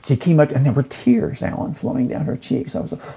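A gravelly middle-aged man talks in an effusive, animated way, like a chef telling stories in casual conversation. His voice is dark and a little husky. He sounds lively, and he swings up in pitch when he gets excited. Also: a little fast. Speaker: guest, chef and lecturer.

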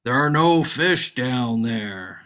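A man putting on the slow, loud, drawn-out voice of an unseen male ice rink manager in a told joke. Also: medium pitch, expressive. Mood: stern.

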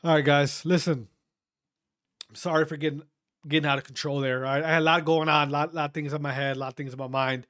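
A man's voice: on the high side, flat delivery, fast talker, fairly bright tone. A man hosting a podcast, delivering a fiery, profane rant and repeating himself for emphasis. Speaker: podcast host.

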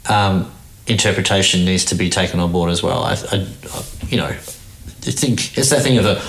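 A man with a fairly low voice talks loosely in casual conversation, circling back and restarting his thoughts as he goes. His voice carries a noticeable room echo. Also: fairly quick, fairly bright tone, slight background noise. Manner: rambling, frequent restarts and laughs. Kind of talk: casual chat. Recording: roomy echo.

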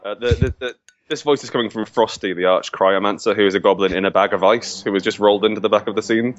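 Man, tabletop player, low voice, fast, hesitant, lo-fi recording. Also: fairly even intonation. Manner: hesitant, stammering. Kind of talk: tabletop role-play chat.

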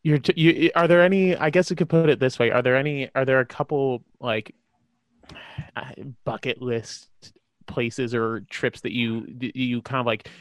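A man's voice: medium pitch, steady tone, normal speed, no echo. A male podcast co-host who teases the guest and rephrases his questions as he goes. His voice sits in a middle register, and the recording is dry and close with little room sound. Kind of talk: casual interview questions.

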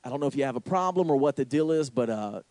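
A man's voice: medium pitch, expressive, fast, mellow, dry recording, natural voice. A man voicing a firm, polite male mall security guard while telling a story. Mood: stern.

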